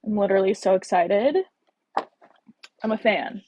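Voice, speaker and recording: A woman's voice: medium pitch, moderate pace, a little mellow, a little hiss or hum. A young woman hosting a casual livestream, chatty, bubbly and self-deprecating, talking into a phone with an earbud mic. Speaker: podcast host reading live.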